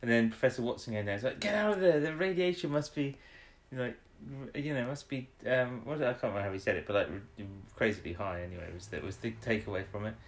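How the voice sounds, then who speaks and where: A man's voice: medium pitch, fast talker, hardly any pauses. A man co-hosting a casual chat, rambling as he recaps an episode and acts out the characters' lines. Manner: rambling, retells scenes with quoted voices. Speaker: podcast co-host.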